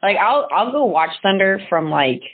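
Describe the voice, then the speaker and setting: A woman's voice: mid-range voice, big pitch swings, moderate pace, slightly rough. A woman co-hosting a podcast in casual chat, making dry, blunt asides. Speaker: podcast co-host. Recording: tinny phone-like audio.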